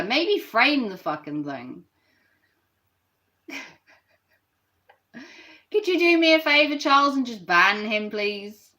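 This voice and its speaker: Sarcastic woman streamer, slow bright voice. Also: mid-range voice, big pitch swings. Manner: sarcastic, mocking. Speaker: live streamer. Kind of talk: live stream rant, reacting to chat.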